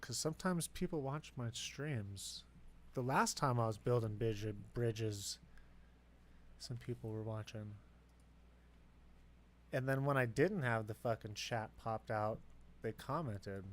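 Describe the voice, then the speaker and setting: A man's voice: medium pitch, takes it slowly, pauses often. A man giving casual, rambling gameplay commentary at his home desk, swearing freely and chatting to his dog. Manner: rambling, profane, talks to himself and his dog. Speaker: gameplay video creator.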